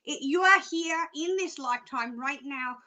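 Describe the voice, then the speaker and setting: A woman psychic doing live card readings, chatty and excitable, laughing often. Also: high-pitched, normal speed. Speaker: psychic reader.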